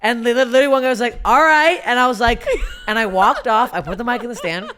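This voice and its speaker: A woman with a strikingly deep voice chats on a podcast mic as a guest comedian. She tells her stories in a profane, animated way. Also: quick pace, a little hiss or hum. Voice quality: unusually deep voice. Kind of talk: casual podcast chat.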